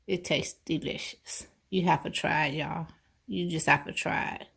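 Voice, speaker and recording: Woman cooking vlogger, lowish raspy voice, chatty and homey, talks to viewers directly. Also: fairly even intonation, normal speed, a bit bright. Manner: chatty, talks to viewers as y'all, eats on mic. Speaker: cooking channel host. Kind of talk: casual cooking vlog.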